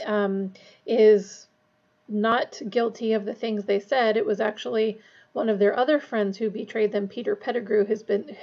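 Husky-voiced woman reading a novel aloud. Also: a little high, a little mellow, highs cut off. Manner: casual recap before reading. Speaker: reader.

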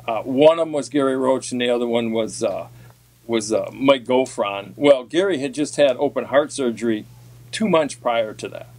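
Man, folksy storyteller, rambling, casual podcast chat, mid-pitched voice. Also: normal speed, a little mellow. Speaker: podcast guest, former walleye tour pro.

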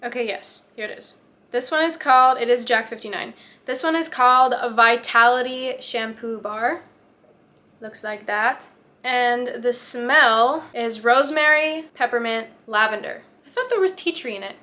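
A bubbly young woman vlogging straight to camera with a bright, slightly high voice. She chats in a casual, giggly way. Her tone stays friendly and easy. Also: moderate pace. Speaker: beauty vlogger. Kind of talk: casual vlog chat to camera.

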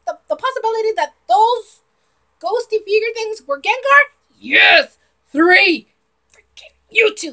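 Young woman, trailer reaction vlog, very high voice, bright, excitable and giggly. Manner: giggly and excitable, bursts into shouts.

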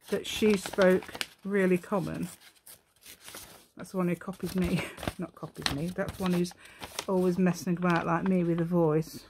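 A middle-aged woman with a fairly low voice hosts a laid-back crafting tutorial on her channel. As she works she chats, thinks aloud, pokes fun at herself and hums little tunes. The recording carries a slight hiss or hum.

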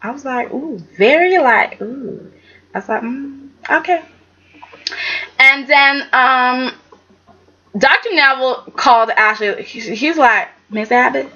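A woman's voice: high voice, takes it slowly, dull audio. Sassy woman recapping with acted-out quotes. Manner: animated, sassy, acts out characters' lines. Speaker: soap opera recap vlogger. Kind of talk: casual recap chat.

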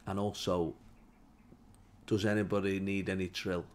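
Man, deadpan comic monologue, low voice, mock-solemn. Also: measured pace. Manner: dry, mock-solemn storytelling. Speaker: comedian.

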